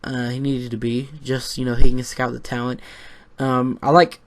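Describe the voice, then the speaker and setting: A man giving a casual, rambling recap of a wrestling show, excitable and swearing freely, with lots of fillers and restarts. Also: mid-range voice, normal speed.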